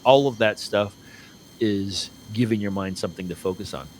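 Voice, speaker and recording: A man's voice: on the low side, moderate pace, slight background noise, poor audio. A man from Arizona co-hosting a podcast in casual conversation, chatty and swearing, tagging "right?" onto his points. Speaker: podcast co-host.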